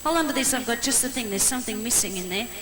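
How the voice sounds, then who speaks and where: A woman's voice: a little high, lively intonation, rapid-fire, background noise. A woman performing on a ballroom stage, teasing and bossing a man about in playful live banter. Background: band music.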